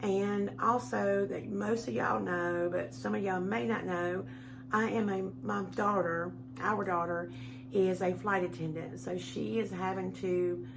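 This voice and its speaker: A middle-aged woman chatting warmly and rambling to her home-video viewers. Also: medium pitch, fairly even intonation, measured pace, vocal fry, noisy background. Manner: chatty, rambling, heartfelt, says y'all a lot. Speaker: home decor vlogger. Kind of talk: casual chat to camera. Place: at home, indoors.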